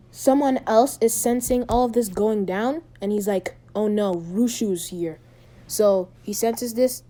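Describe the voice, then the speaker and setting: A woman casually retelling a fan-made story, rambling and halting with many ums and restarts. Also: a little high, mellow.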